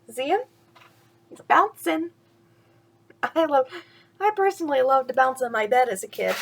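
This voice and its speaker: With a high voice, some vocal fry and long pauses, a woman reads a children's picture book at bedtime at a moderate pace. She laughs often, stays lively, and points out things in the pictures as she goes.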